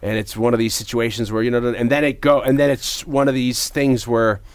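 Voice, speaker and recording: A man in casual conversation, animatedly retelling a movie scene and loudly acting out quoted lines. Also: mid-range voice, level tone, brisk, dry recording.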